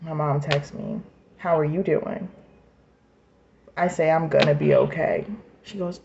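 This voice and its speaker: A woman's voice: deep voice, slow, creaky, long pauses, warm tone, highs cut off, a little hiss or hum. A woman in her twenties venting in an emotional personal rant, angry, raw and profane, sometimes dropping to a whisper. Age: 20s. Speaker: vlogger.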